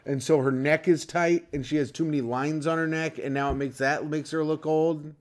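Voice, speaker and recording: A man's voice: fairly high pitch, steady tone, moderate pace. A man co-hosting a casual podcast, bickering and teasing, fussy about the sound levels. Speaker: podcast co-host. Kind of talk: casual chat.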